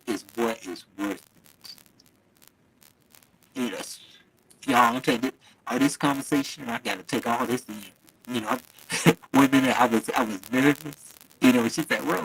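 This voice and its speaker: A man in mid pitch chatting on a phone live stream, loose and affectionate with his viewers. He laughs often and keeps the talk casual over a faint background hiss. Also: a bit bright, low-quality recording. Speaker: livestream host. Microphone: phone mic, held too close at first.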